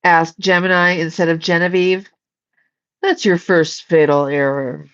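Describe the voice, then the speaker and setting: A woman's voice: on the low side, fairly even intonation, unhurried, lo-fi sound. A woman casually chatting on a livestream, blunt and swearing freely while reading the chat and shooing her cat.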